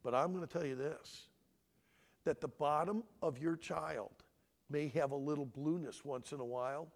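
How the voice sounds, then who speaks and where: A middle-aged man speaking at a family conference in a preaching style. He is emotional and swings between loud emphasis and hushed, near-whispered lines. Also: a little high, normal speed, big-room sound.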